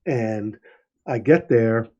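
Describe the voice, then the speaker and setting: A relaxed man spins a story on a podcast, slipping into lively voices when he quotes people. The audio is a little dull and lo-fi. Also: medium pitch, extremely slow. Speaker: podcast host. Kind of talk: casual storytelling chat.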